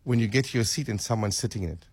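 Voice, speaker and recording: A man hosting a talk show, musing aloud, often repeating words and getting animated. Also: lowish voice, racing, husky. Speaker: radio host. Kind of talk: casual radio chat.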